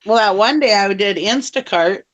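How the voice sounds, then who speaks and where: A woman's voice: mid-range voice, moderate pace, lo-fi sound. Laughing, rambling woman telling stories. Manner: rambling anecdotes, laughs often, mild swearing. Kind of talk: casual chat.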